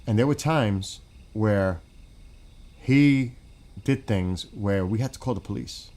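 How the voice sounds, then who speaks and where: A man's voice: on the low side, takes it slowly, a little mellow. A man on a gaming stream in casual chat. He talks bluntly and swears a lot, rambles and restarts his sentences, and often drifts away from the mic.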